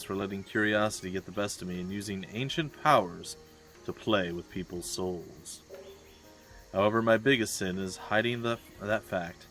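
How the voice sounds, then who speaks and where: Male streamer, low voice, reads game text slowly and solemnly over faint game music. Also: a bit bright. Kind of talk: reading in-game text aloud.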